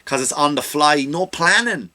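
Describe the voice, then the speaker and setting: A man hosting a comedy podcast, delivering an animated rant into a studio microphone that climbs into loud, mocking outbursts. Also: on the high side, moderate pace. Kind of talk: ranting comedy monologue.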